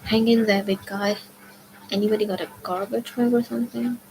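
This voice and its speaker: A woman's voice: medium pitch, fairly even intonation, brisk, creaky, a little mellow, a little hiss or hum, close to an everyday voice, low-quality recording. A woman reading aloud, voicing the quoted lines of an alarmed teenage boy.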